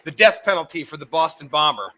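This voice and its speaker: Male co-host, quick profane banter, high bright voice. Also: big pitch swings, a little hiss or hum. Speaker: podcast co-host. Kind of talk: casual comedic banter.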